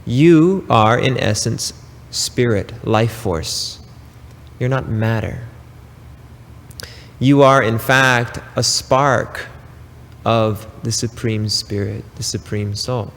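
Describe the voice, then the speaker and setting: A man giving a spiritual talk, preaching slowly and emphatically with pauses and casual asides. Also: medium pitch, creaky, big-room sound. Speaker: spiritual teacher.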